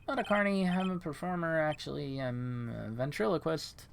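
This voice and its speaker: A man's voice: on the high side, normal speed, gravelly, slight background noise, pitched above the performer's own voice. A man reading aloud the lines of a nervous, timid male ventriloquist from a game, hesitant and mumbling. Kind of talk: game dialogue read aloud.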